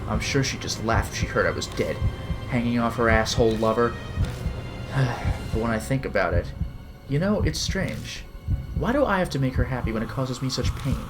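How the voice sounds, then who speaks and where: A man voicing an exhausted, desperate man raging about his cheating wife, bitter and shouting curses. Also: medium pitch, animated, normal speed, music in the background, lightly acted.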